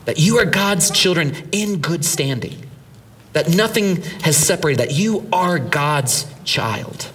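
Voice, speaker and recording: A middle-aged man, a pastor, preaching a sermon in an animated, conversational way, asking the congregation questions. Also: fairly high pitch, recorded from a distance.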